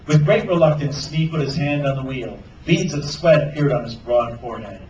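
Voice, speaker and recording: A man, an author, reading a children's adventure novel aloud at a bookstore event with animated storytelling. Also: medium pitch, normal speed, dull audio, slight background noise. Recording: roomy sound from a distance.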